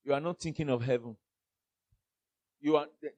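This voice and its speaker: A Nigerian-accented man preaching a fiery sermon, mixing in pidgin and swinging from loud outbursts to hushed warnings. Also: a little high, brisk.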